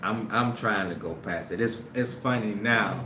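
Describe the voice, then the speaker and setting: A man preaching a sermon through a story, often laughing and breaking into shouts. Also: lowish voice, normal speed. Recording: echoey room with loud background noise.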